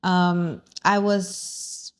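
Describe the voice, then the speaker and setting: A young woman in her twenties chatting casually, telling a story with lively acted-out quotes and bits of Spanish. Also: fairly low pitch, extremely slow. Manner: animated storyteller, acts out quotes, mixes in Spanish phrases. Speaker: vlog host.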